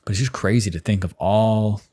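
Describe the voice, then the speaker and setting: A man's voice: on the low side, fairly quick, mellow. Rambling young man hosting a podcast. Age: 20s. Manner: casual, rambling, lots of "like". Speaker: podcast host. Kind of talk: solo podcast monologue.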